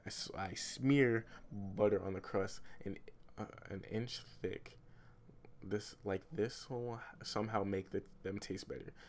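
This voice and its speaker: A man's voice: fairly low pitch, steady tone, unhurried, darkish tone, slight background noise. A male streamer reading a story game aloud, breaking off with rambling, self-mocking jokes and laughter.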